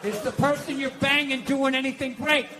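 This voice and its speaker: Loud ranting man doing stand-up. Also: fairly even intonation, normal speed, a little hiss or hum. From United States. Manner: loud, ranting, profane, swings between shouting and low muttering. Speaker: stand-up comedian. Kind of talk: stand-up comedy set.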